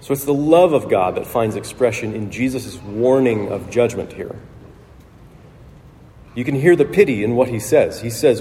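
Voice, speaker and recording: A man delivers a sermon in an earnest, reflective way, pausing and restarting as he thinks aloud. His voice is mellow and darkly toned. The sound rings with the long reverb of a church hall. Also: mid-range voice. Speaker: pastor.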